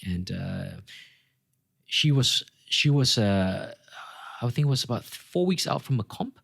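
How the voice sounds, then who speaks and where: A man's voice: mid-range voice, a little slow, gravelly, slightly rough, dry recording, clean studio sound. A man, a fitness coach from Australia, talking as a podcast guest, telling stories animatedly and acting out what people said. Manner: animated storyteller acting out quotes. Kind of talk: casual podcast conversation.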